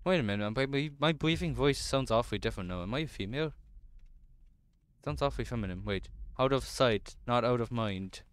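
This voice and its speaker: A man's voice: medium pitch, animated, a little fast, clear, resonant tone. A man commentating as he plays a horror game, talking to himself nervously and swearing constantly. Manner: jumpy, swears constantly, nervous self-talk. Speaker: let's play gamer.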